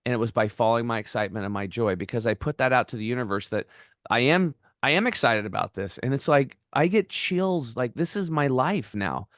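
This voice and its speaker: A middle-aged man, a podcast guest, telling stories in an excited, rambling way and acting out the voices of the people in them. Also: mid-range voice, a little fast, dry recording, clean studio sound. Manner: enthusiastic, rambling, acts out quoted voices. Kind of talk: excited storytelling interview.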